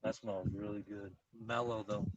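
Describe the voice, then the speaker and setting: This garden channel host has a lowish voice with a level tone and moderate pace. The recording lacks room sound and has its highs cut off. He's outdoors on a casual live stream, touring his garden and chatting in a rambling, friendly-plain way, using a phone or camera that moves from a tripod to his hand as he walks.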